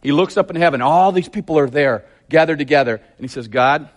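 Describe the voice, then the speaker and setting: A man's voice: a little high, quick pace. A man preaching a sermon, telling the story vividly and emphatically with lots of repetition.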